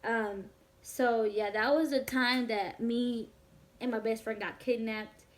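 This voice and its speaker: Animated young woman telling a story. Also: fairly high pitch. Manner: fast, animated, profane storytelling with many "like"s. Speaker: vlogger. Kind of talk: casual storytime.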